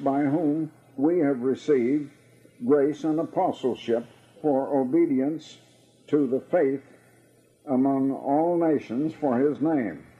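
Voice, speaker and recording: A man preaching a Bible-study sermon, slowly reading and explaining scripture verse by verse with a husky voice and frequent "uh"s. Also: a little high. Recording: tinny phone-like radio broadcast.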